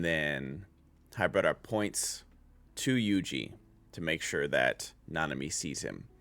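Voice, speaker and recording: A man's voice: very deep voice, lively intonation, slow pace, a bit bright. A man giving a casual spoken anime review as a streamer, rambling with many filler words and restarts.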